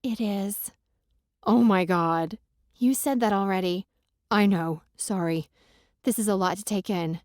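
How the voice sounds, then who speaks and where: Mellow-voiced woman narrating a romance audiobook. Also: mid-range voice, a little slow, pauses often, dry recording, studio quality. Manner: wry, self-deprecating and emotional.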